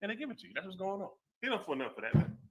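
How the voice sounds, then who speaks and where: Racing along in a high voice, this ex-cop from the American Southwest spins lively stories in casual conversation, packed with street slang.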